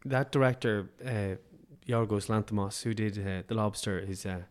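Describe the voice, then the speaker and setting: A man's voice: on the low side, normal speed. A man with an Irish accent, a guest actor on a podcast, chatting casually, swearing freely and laughing often. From Ireland, County Meath.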